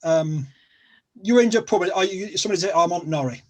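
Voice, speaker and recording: A man's voice: high voice, brisk. A middle-aged man from England with a Sheffield accent, a guest in a casual chat, rambling and repeating himself with plenty of fillers. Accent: Sheffield, South Yorkshire.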